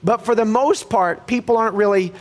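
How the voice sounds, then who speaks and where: A man preaching a relaxed sermon as a pastor, telling stories casually with frequent restarts and growing animated in anecdotes. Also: sits high, fairly quick. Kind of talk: conversational sermon.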